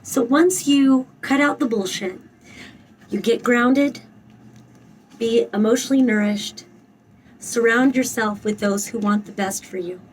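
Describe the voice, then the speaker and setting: A woman's voice: on the high side, unhurried, long pauses, recorded from a distance, a little hiss or hum, rough recording. A woman giving a spoken tarot reading, emphatic and blunt, swearing freely and repeating her phrases. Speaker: tarot reader.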